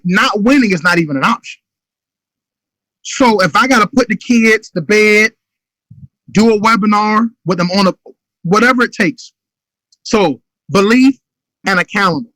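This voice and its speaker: A man in his thirties gives a motivational business talk, pressing every point with urgency. His voice sits high and rings bright. The sound is dry and close. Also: dry recording, poor audio. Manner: urgent, emphatic, acts out phone calls. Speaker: motivational speaker.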